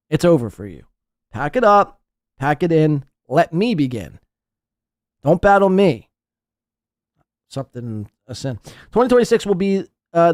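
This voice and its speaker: A man hosts a podcast in a loud, mocking rant. His pitch jumps all over the place, and the sound is dry and close to the mic. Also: no room sound. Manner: mocking, ranting, animated. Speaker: podcast host. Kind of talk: profane commentary over played clips.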